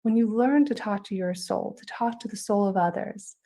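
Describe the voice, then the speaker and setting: A woman speaker gives a spiritual talk in an even, mid-pitched voice. She tells her stories in a gently instructive manner and guides the listeners. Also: normal speed. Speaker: conference speaker and author.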